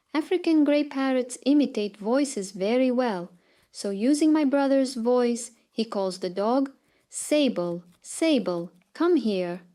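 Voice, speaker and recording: A woman narrating short, funny real-life pet anecdotes in a lively storytime delivery, her loudness swinging up and down to land the punchlines. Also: a little high.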